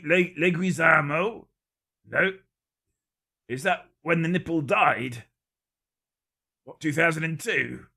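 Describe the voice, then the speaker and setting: A man with a gravelly, slightly husky voice runs a casual live-stream quiz. His tone is bright and forward, and his joking stays dry and deadpan as he rattles off one guess after another. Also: on the high side. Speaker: livestream quiz host.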